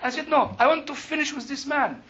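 A man's voice: very high-pitched, a little fast, muffled recording, slight background noise. An older man teaching a Bible class, telling a story with laughter and emphatic outbursts. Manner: animated, laughing, rising to emphatic bursts.

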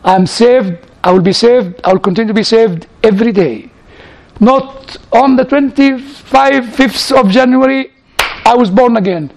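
High-voiced man with a foreign accent. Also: unhurried, a little mellow. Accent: foreign accent in English. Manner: storytelling, repeats words, chuckles at his own anecdotes. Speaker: church speaker answering audience questions. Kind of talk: informal Q&A teaching.

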